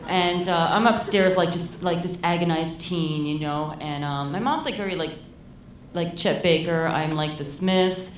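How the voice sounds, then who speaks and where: A woman's voice: fairly low pitch, measured pace, a little hiss or hum. Rambling woman telling a story live on stage. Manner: casual, rambling, heavy use of "like". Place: live storytelling event in a venue. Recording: roomy live hall, mic heard from a distance.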